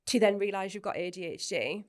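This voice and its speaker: A woman speaks openly as a podcast guest. Her talk is chatty and unguarded, broken up by quick laughs and the odd casual swear word. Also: medium pitch. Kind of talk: candid personal interview.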